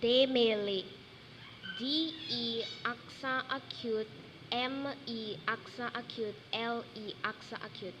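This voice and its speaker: A female spelling bee contestant spelling words slowly and hesitantly, letter by letter. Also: a little high, steady tone. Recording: noisy room sound.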